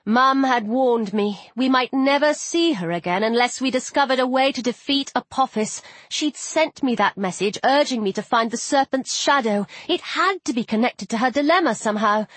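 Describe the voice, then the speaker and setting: A woman narrating a first-person audiobook in an expressive storytelling voice. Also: on the high side, normal speed, hardly any pauses, dry recording.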